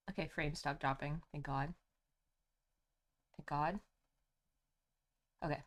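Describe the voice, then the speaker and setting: A young woman streaming a video game, gushing and excitable, swearing freely as she talks. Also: low-pitched. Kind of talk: gaming livestream commentary. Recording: faint game music behind.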